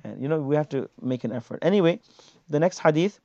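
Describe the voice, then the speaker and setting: Male teacher, casual and animated, slightly high voice, dry muffled recording. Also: fast talker, no echo. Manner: casual, animated, acts out complaints. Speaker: teacher explaining hadith. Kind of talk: conversational religious lesson. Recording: dull lo-fi sound.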